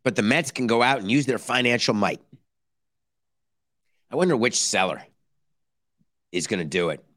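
In animated baseball commentary, this podcast host fires off sarcastic bursts and stages mock dialogues between teams. He has a medium, fairly bright voice at a moderate pace, recorded cleanly in a studio with no room sound.

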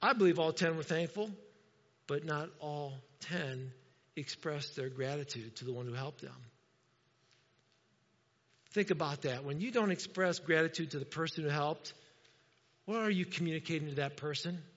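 A man from Indiana delivers a sermon in a bright, high voice, talking to the congregation and drawing responses from them. The sound is dull and lo-fi, and the voice trails off into a long reverb through a church hall. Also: normal speed, pauses often. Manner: conversational, calls for audience responses. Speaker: pastor.

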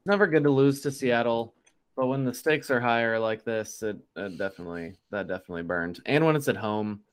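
A man's voice: mid-range voice, brisk, clear, resonant tone. A man, co-hosting a casual sports podcast, joking and laughing often. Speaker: podcast co-host.

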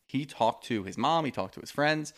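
A man's voice: mid-range voice, lively intonation, normal speed, fairly bright tone. A man co-hosting a podcast, recapping a reality show in casual, rambling chat full of "like.". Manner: rambling, hedging with "like". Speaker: podcast co-host.

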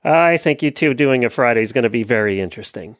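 An easygoing man hosting a chat podcast who gives plugs and shout-outs between the talk. His voice sits mid-range, with a close, dry sound and no room. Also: mid-range voice, animated, quick pace, no echo. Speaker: podcast host. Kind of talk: casual chat.

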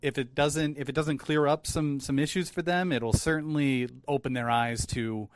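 A man's voice: on the high side, fairly even intonation, moderate pace, no room sound, clean studio sound. A man hosting a podcast, speaking earnestly and with enthusiasm. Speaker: podcast host. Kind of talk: casual podcast chat.

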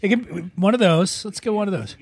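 High-voiced teasing quizmaster man. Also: fairly quick, gravelly, slightly rough. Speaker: host. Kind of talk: casual drinking-game chat.

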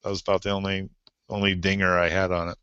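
A man with a low, bright, forceful voice and a smooth, clear tone talks camera gear as a podcast guest, pausing often with "uh". The sound is dry and a little dull. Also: level tone, no echo. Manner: gear-focused, hesitant, many uhs. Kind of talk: casual chat.

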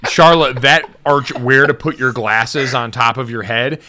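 Man, podcast co-host, bright voice, playful teasing, wordy riffs. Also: medium pitch, unhurried, slight background noise. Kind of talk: casual podcast chat.

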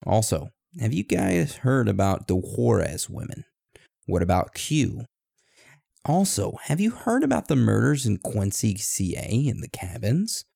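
Podcast co-host, male, low and gravelly, mellow tone, dry close sound, playful review reader. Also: no room sound. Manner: playful, joking, goes off on silly tangents. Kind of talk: casual chat reading listener reviews.

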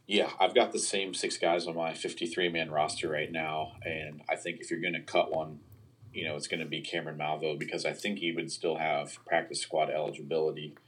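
Very deep, husky-voiced man. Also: flat delivery, a little fast, fairly bright tone. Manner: hedging, analytical, frequent "you know" and "um". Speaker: sports analyst guest. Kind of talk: casual football podcast chat.

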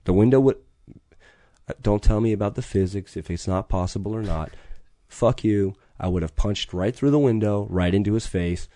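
A man's voice: fairly low pitch, moderate pace, dark tone, no room sound. A middle-aged man, telling a story in conversation with intense, profane urgency. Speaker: podcast guest.

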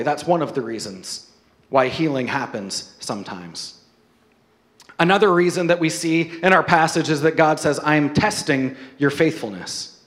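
A male pastor preaching a sermon, animated and acting out the people in the stories. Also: sits high. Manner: animated, acts out biblical figures in voices.

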